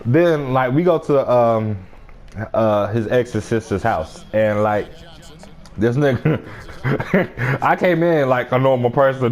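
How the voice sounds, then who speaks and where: A man's voice: mid-range voice, expressive, slow, a little hiss or hum. A young man telling a story in casual chat, slangy and often laughing.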